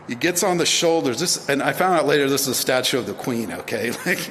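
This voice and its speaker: A man's voice: medium pitch, animated, fast, fairly bright tone. Rambling man in a big echoing hall. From United States. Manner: rambling, many fillers and restarts. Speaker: speaker at induction ceremony. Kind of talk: storytelling speech. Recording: long reverb of a large hall, faint ambient noise.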